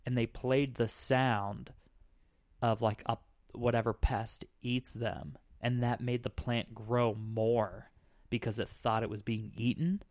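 A man's voice: medium pitch, level tone, takes it slowly, darkish tone, no echo, studio quality. A man hosting a podcast in casual chat, explaining things in a rambling way with lots of "like" fillers. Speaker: podcast host.

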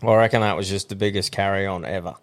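Brief: young Australian man, podcast co-host, crude and swearing, animated storyteller. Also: sits low, fast talker. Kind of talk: casual chat.

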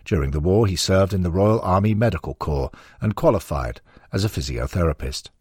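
Male audiobook narrator, low and husky, measured storytelling, dry close recording. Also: expressive, darkish tone, dry recording.

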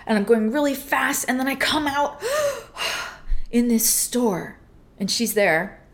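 A woman in her thirties, a podcast co-host telling a story in casual chat with a theatrical, animated delivery. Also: fairly high pitch, slow.

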